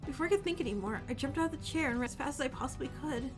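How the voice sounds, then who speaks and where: An anxious young game hero who pleads earnestly and frets over a friend, as a woman reads him aloud. The voice is fairly high-pitched and stays close to a natural speaking voice, with faint music underneath. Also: lively intonation, racing. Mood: narrating. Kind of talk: reading game dialogue aloud.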